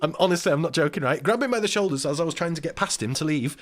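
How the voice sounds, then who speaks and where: A man telling a story in casual livestream chat, animated and swearing as he acts out the people involved. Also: fairly high pitch, very fast, faint music behind. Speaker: livestream host.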